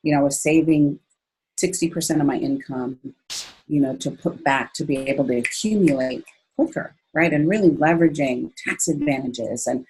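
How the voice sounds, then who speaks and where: A woman in her fifties speaks in a low, husky voice. She is telling her story as an interview guest. Her delivery is expressive, and she leaps up in pitch whenever she quotes her own thoughts. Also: low-quality recording. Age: 50s. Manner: expressive, jumps up high when quoting herself. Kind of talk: conversational storytelling.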